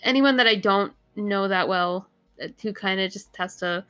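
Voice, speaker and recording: A woman's voice: mid-range voice, normal speed, sharp tone, clean tone, faint music behind. A young woman, a VTuber guest, chatting casually and rambling with frequent laughs. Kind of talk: casual chat.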